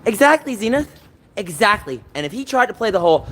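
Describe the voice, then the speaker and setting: A man's voice: sits high, sing-song, brisk, a bit bright, a little hiss or hum, low-quality recording. A man livestreaming to his viewers, telling an agitated, rambling story and repeating himself as he vents. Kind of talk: livestream chat, ranting to viewers.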